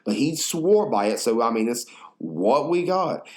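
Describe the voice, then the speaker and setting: A man's voice: mid-range voice, very animated, a little slow. A young man hosting a podcast, telling a story in a rambling, profane casual chat full of fillers. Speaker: podcast host.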